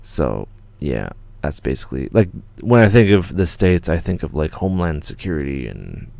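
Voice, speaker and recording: A man's voice: extremely low pitch, sing-song, normal speed, gravelly, darkish tone, no room sound. A young man from Canada hosting a live studio Q&A stream, telling rambling stories in a laid-back way with lots of fillers and swearing. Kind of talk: casual livestream chat. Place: home studio.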